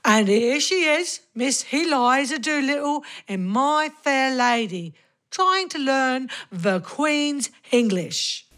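Woman co-host, high and bouncy, jokey put-on cockney-ish banter, slow. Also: lively intonation, fairly bright tone. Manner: playful, mock-Cockney banter. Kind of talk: scripted radio chat.

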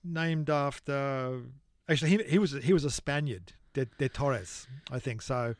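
A man's voice: medium pitch, a little slow, no room sound, clean studio sound. A man, co-hosting a podcast in a rambling, self-deprecating casual chat. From Australia. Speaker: podcast co-host.

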